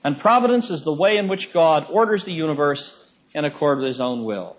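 A man's voice: a little high, lively intonation, a little fast. A man in his fifties preaching a sermon in a conversational teaching manner, repeating key phrases for emphasis. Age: 50s. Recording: dull lo-fi recording.

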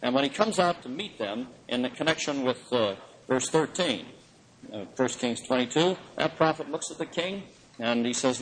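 Animated man teaching from the Bible. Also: moderate pace, poor audio. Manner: animated, chuckling, swings pitch for emphasis. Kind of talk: lecture on the Bible.

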